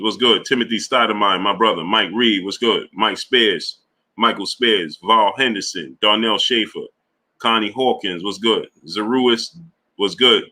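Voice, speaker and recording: Man, livestream host, laid-back, lower pitch. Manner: laid-back, shouting out viewers from the chat. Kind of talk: casual livestream chat.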